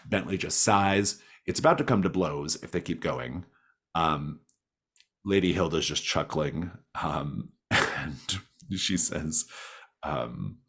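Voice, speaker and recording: A man's voice: a bass voice, animated, takes it slowly, fairly bright tone, husky. A man narrating as game master in a playful, hesitant way. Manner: hesitant, playful, many restarts.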